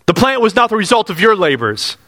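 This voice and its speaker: A man's voice: high-pitched, very animated, a little fast, bright, forceful tone. A pastor preaching a sermon in earnest, repeating his phrases and asking the congregation questions. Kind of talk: expository sermon. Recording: long hall reverb.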